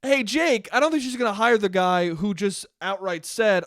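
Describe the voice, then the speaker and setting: A man's voice: sits high, moderate pace, few pauses, fairly bright tone, no room sound, clean studio sound. A young man hosting a solo podcast, telling a rambling, profane, self-deprecating story in a casual monologue. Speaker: podcast host.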